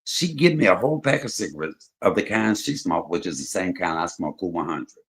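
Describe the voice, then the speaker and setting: A man hosting a livestream, telling stories in casual chat, swinging between loud and soft. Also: low voice, animated, a little fast. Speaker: livestream host.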